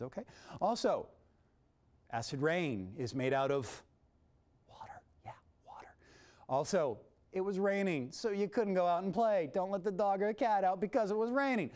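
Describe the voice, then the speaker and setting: A man hosting a kids' science demonstration in a TV studio, energetic and showy, with big swings in pitch and loudness. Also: moderate pace. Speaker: science presenter for kids.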